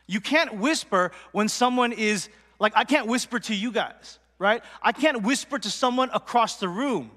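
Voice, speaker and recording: A man's voice: high-pitched, lively intonation, normal speed, few pauses, sharp tone, in a large hall. A male pastor giving a casual, chatty sermon in a church, talking to the congregation with lots of fillers, acting out quotes and sometimes dropping to a whisper for effect. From Portland. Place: church hall.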